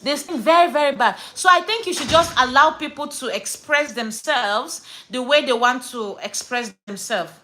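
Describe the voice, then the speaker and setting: A Nigerian woman talking straight to camera in a casual storytime rant, her voice bright and ringing. She sits a little high in pitch and hammers her points home by repeating words. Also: moderate pace, few pauses, rough recording. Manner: emphatic, repeats words for stress, slips into Pidgin. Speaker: vlogger.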